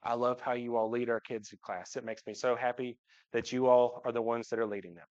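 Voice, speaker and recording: A man's voice: medium pitch, fairly even intonation, brisk, a little mellow. Joking man in a dull church recording. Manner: joking storyteller, voice jumps up when imitating. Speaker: church member speaking to the congregation. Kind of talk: heartfelt personal talk from the pulpit. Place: church sanctuary.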